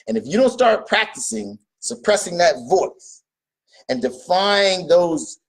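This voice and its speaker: A man's voice: mid-range voice, vocal fry, a bit bright, husky. A man giving a motivational talk in an emphatic, preachy way. He repeats his points and asks questions, then answers them himself. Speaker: motivational speaker.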